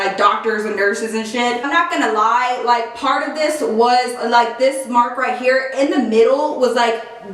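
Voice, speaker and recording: A woman's voice: a little high, fairly bright tone. A woman vlogger telling a storytime in casual slang, packed with "like" fillers. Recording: very echoey room, far from mic.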